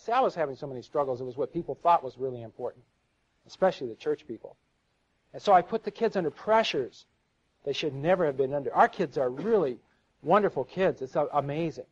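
An earnest middle-aged man teaching a live audience, his slightly high voice coming through a dull, lo-fi recording. He tells his stories with feeling, often repeating a word as he searches for the next one. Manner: earnest, storytelling, repeats words when stuck. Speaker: seminar speaker. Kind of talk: live sermon-style teaching with audience questions.

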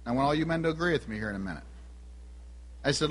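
A man's voice: fairly high pitch, animated, fast talker, pauses often. A man preaching a sermon, telling a personal story and putting questions to the congregation. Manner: asks the audience questions. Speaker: pastor. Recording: long hall reverb.

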